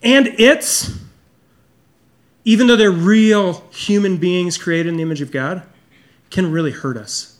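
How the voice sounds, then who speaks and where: A man preaching a sermon as pastor, earnest and confessional, often dropping low and soft to stress a point. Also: unhurried, long pauses.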